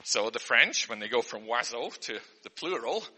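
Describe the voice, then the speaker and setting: Comic man as a mock teacher, sharp bright tone, bouncy pitch, flustered earnest patter. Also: lively intonation, moderate pace, slightly rough. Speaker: comedian. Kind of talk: mock spelling lesson for an audience. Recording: long hall reverb.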